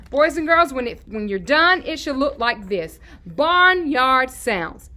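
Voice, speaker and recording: A woman teaching a lesson to young children, in a sing-song way, repeating key words slowly and answering her own questions. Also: on the high side, pushed and bright. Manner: asks questions and answers them herself.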